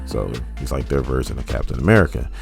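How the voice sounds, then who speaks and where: A man's voice: extremely low pitch, quick pace, gravelly, soft background music. A man giving a casual, joking video review of a superhero film to his channel's viewers. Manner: joking, animated storytelling. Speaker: YouTube movie reviewer.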